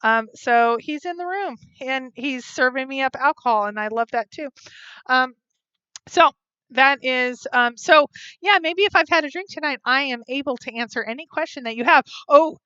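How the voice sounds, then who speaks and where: A chatty woman hosts a casual live stream, giggling and saying um a lot as she reads viewers' comments aloud. Her voice sits a little high and comes across bright and clear. The dry sound has a slightly dull, lo-fi edge from the phone or webcam mic. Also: moderate pace, no echo. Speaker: vlog host reading live chat.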